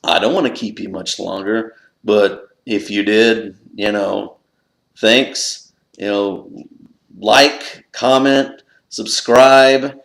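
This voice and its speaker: A man vlogging about a lucky find, telling the story with lots of excitement and leaping up in pitch when he relives his panic. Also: slow, vocal fry. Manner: excitable, jumps up high when retelling his own panic. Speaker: pipe collector vlogger. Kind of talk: animated storytelling to camera. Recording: echoey room.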